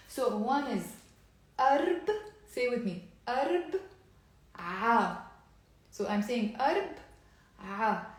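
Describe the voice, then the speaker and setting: A woman teaching an online language lesson, energetic, drilling words and coaxing viewers to repeat. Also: a little high. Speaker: Arabic teacher. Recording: very echoey room.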